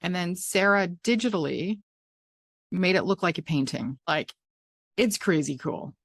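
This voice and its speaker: A woman's voice: lowish voice, unhurried, breathy edge, dry recording, clean studio sound. A middle-aged woman hosting a podcast, chatty and rambling with a self-deprecating streak. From Canada. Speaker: podcast host. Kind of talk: casual interview chat.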